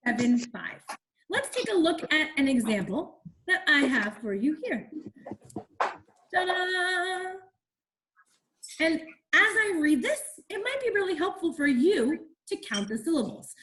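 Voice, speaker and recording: A woman's voice: high voice, a bit bright, slight background noise. A woman teacher leading an online class over a video call, encouraging the children and asking them questions as she explains.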